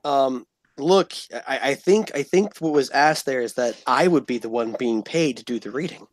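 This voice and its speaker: A man's voice: mid-range voice, normal speed, no echo. A man hosting a casual streamed podcast, teasing his co-hosts with crude jokes in a playful manner.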